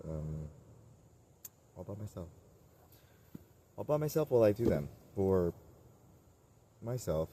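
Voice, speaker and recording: A man's voice: low voice, mellow, a little hiss or hum. A man talking casually to camera outdoors, rambling through tangents with frequent restarts and laughs. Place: outdoors at a tent camp.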